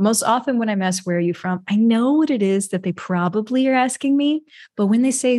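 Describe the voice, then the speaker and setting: A woman's voice: medium pitch, moderate pace, darkish tone, no room sound. Reflective woman podcast host, dry sound. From New York. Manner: reflective, conversational, laughs often, says "right?". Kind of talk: solo podcast monologue.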